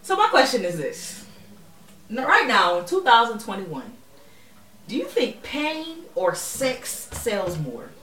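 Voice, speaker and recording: A woman co-hosting a podcast in casual chat, talking in an animated, slangy way and laughing often. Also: fairly high pitch, slow pace, reverberant, distant mic. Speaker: podcast co-host.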